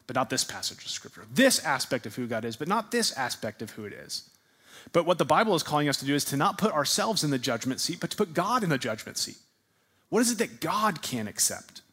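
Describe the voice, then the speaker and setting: A man's voice: mid-range voice, fairly bright tone. A man teaching a sermon-style class. He puts questions to his listeners, repeats their answers back, and leans hard on repeated words for emphasis.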